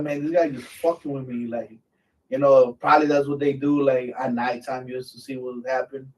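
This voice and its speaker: A man's voice: medium pitch, fairly even intonation, a little fast, darkish tone, recorded from a distance, low-quality recording. A man, a veteran hosting his channel, telling a war story in a rambling, profane way full of fillers. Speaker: veteran host. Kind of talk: casual storytelling.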